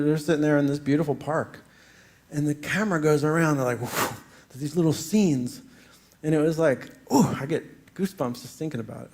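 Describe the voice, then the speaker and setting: A man's voice: fairly high pitch, a little mellow. A middle-aged man, a singer-songwriter and spiritual teacher, rambling through a story between songs with many fillers and frequent laughs. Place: spiritual center stage.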